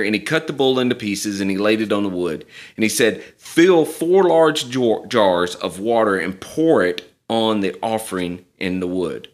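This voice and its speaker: Low-voiced male preacher, animated, mixes scripture reading with casual retelling.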